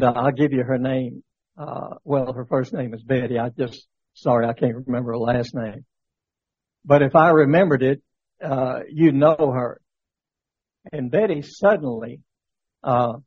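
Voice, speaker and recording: A man's voice: mid-range voice, slightly rough, no echo, lo-fi sound. A man teaching a church Bible study lesson, talking conversationally with many fillers and rhetorical questions, telling a story. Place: church classroom.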